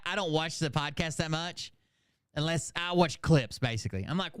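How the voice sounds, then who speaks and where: A man talks through online drama in a loose, rambling, sarcastic way, swearing freely. His voice sits a bit high for a man and comes through smooth and resonant. The mic is close and dry. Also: fairly quick, fairly bright tone, no echo. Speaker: commentary channel host. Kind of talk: casual reaction commentary.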